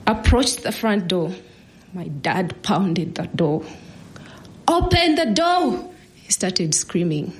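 A woman in her thirties telling a personal story in an earnest, measured way, now and then dropping to a hush. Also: on the low side, a little hiss or hum.

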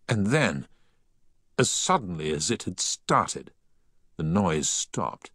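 Deep-voiced male audiobook narrator. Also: very animated, takes it slowly, pauses often, a bit bright, slightly rough, dry recording, clean studio sound.

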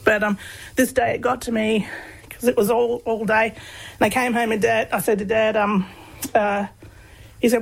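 An Australian woman with a fairly high, gravelly and husky voice, talking in a relaxed conversational way. She tells stories from her own life and laughs often as she goes. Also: moderate pace, low-quality recording. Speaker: guest, PhD researcher on humour. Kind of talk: conversational interview storytelling.

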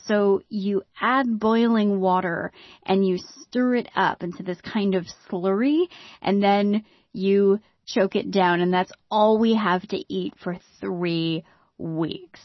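A woman tells a first-person story at an unhurried, deliberate pace, dropping to hushed tones to build suspense. The sound is dry and close, with no room around it. The tone is slightly dull and muffled. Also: mid-range voice, no room sound.

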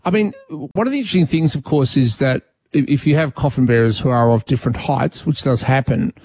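A talkback radio host, an Australian man, chats casually with callers and thinks out loud, often restarting his sentences. His mid-range voice is recorded dry and close on a studio mic. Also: medium pitch, fairly quick, no echo. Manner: chatty, thinks aloud with restarts.

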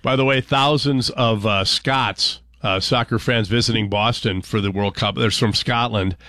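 Relaxed male radio host, dry studio sound. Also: on the low side, moderate pace, no echo. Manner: relaxed, joking, reads promos and headlines. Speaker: radio morning show host. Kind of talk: casual radio chat.

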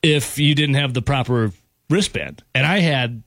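A man's voice: medium pitch, unhurried, gravelly, a bit bright, no room sound. A man, hosting a radio show and telling a story in casual chat, laughing as he goes.

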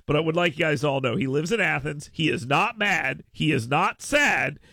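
A middle-aged man hosting a talk radio show, sarcastic and mock-petty, jumping between low mutters and hyped shouts in his monologue and ad reads. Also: expressive, moderate pace, creaky, no room sound. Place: radio studio. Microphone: studio microphone.

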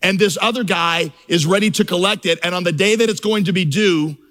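Fervent preaching man, slightly high voice. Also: brisk, fairly bright tone. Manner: storytelling, building to fervent crescendos. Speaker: pastor. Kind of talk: sermon.

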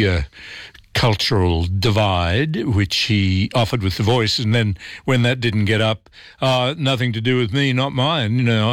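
Low-voiced radio host. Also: male voice, no room sound, clean studio sound. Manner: conversational, opinionated. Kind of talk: talk radio chat.

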